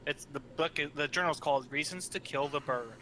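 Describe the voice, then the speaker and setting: A man's voice: fairly high pitch, a little fast, background noise. A man playing a tabletop game, cracking dry, teasing jokes. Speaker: player.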